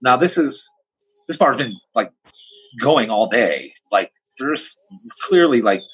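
A man who is a podcast guest, telling stories in a blunt, plain-spoken, animated way. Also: medium pitch, slow, husky, poor audio. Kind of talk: casual podcast storytelling.

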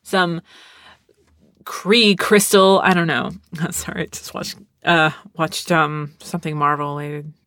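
A woman's voice: sits low, steady tone, unhurried, a bit bright, no room sound, studio quality. A young adult woman hosting a podcast, talking casually in a rambling, sarcastic way with lots of fillers. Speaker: podcast host. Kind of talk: casual solo podcast talk.

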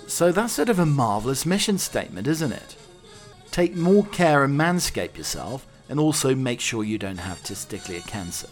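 A man's voice: mid-range voice, sing-song, moderate pace, faint music behind. A man hosting a comedy podcast, reading out news items with dry, wry asides. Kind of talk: comic monologue reading news stories.

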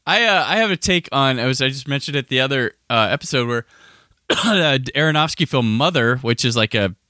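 Male podcast host, bright and lively, rambling, dry close sound. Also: brisk, dry recording. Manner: rambling, restarts, lively pitch. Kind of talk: casual podcast chat.

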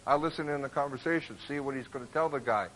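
A man preaching a sermon, retelling a Bible story in a colloquial, animated way and acting out the people in it. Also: mid-range voice, fast, rough recording.

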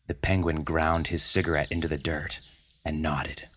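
A man reading a story aloud in a steady, dramatic narration. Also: very deep voice, normal speed. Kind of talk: scripted narration. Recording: music playing under the voice.

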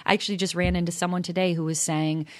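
A woman's voice: fairly low pitch, level tone, fast, no room sound. A woman from Chicago with a Chicago accent co-hosting a podcast, chatty and ready to argue a point. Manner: chatty, argumentative. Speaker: podcast co-host. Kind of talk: casual interview and chat.

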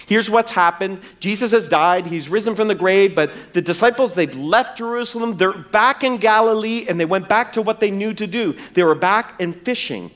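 A man preaching a sermon in church, swinging from loud emphasis to hushed, drawn-out words and acting out quoted dialogue in a raised voice. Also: high-pitched. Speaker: pastor.

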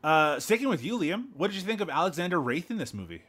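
A man's voice: fairly high pitch, big pitch swings, quick pace, fairly bright tone, breathy edge. A Canadian man hosting a casual movie review podcast, teasing his co-hosts and laughing often. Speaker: podcast host.

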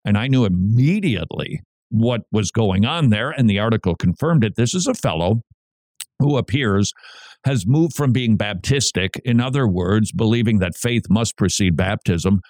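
A man's voice: on the low side, lively intonation, moderate pace, darkish tone, no room sound. A middle-aged man with a Minnesota accent hosting a talk radio show, delivering church news with jokey, restless asides.

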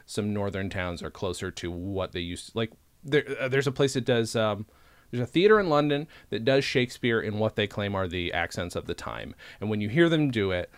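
A casual man hosting a podcast chat, talking in lively rambling asides and swearing freely. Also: fairly low pitch, brisk, clear, resonant tone, no room sound. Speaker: podcast host.

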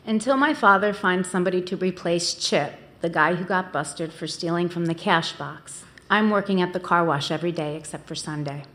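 A woman giving a live memoir reading on stage in a plain, steady way. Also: lowish voice, normal speed, hardly any pauses. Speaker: storyteller. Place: on stage at a venue.

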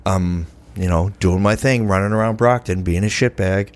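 A man telling a rough personal story in casual, profane talk, acting out the voices of the people in it. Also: low-pitched, normal speed. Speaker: podcast guest in recovery.

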